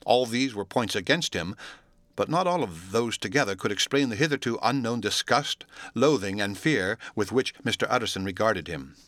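A man narrates a classic novel in a steady, measured, formal reading. His voice is on the low side with a sharp, forceful edge, and the recording is dry and close with no room sound. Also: no echo. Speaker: audiobook narrator. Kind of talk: classic novel read aloud.

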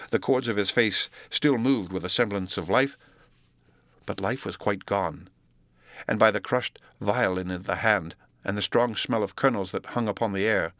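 A man narrating an audiobook of a classic novel in a measured, steady manner. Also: on the low side, no echo. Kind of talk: scripted narration.

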